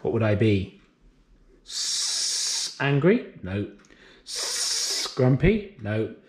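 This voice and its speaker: A male nursery teacher gives young children a phonics lesson, pronouncing each letter sound slowly and clearly. His sounds are drawn out and his pitch is lively and sing-song. It's recorded for remote learning in a classroom or at home.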